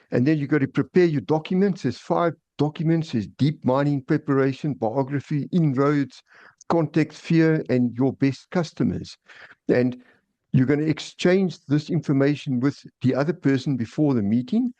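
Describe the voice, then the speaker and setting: Presenting an agenda item as host of an online meeting, this man has a mellow, mid-range voice captured dry through a video call. He often repeats himself and restarts his sentences with a stammer.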